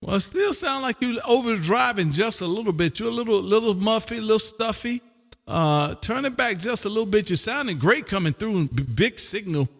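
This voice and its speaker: A man from Texas hosting a ham radio livestream from his home radio room, loud, drawling out his call sign in a sing-song way and chatting with callers. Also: sits high, expressive, a little fast, long reverb tail. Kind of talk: ham radio calling and chat.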